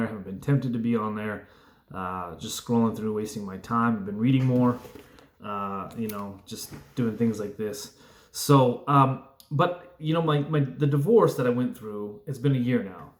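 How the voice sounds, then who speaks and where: A man's voice: medium pitch, roomy sound. A man talking casually to camera, telling a story in a rambling, reflective way right after a workout. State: just worked out, sweaty. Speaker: vlogger.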